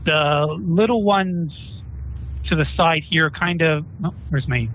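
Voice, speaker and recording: A man's voice: a little high, slow pace, slight background noise. Game master man on a tinny call. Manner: relaxed, chatty, asks players what they do. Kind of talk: narrating a tabletop game. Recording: tinny phone-like online call.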